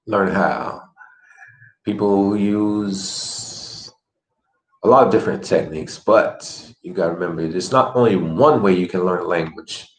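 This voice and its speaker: A man's voice: sits low, roomy sound, rough recording. A man teaching an online language lesson in an earnest, encouraging coaching manner.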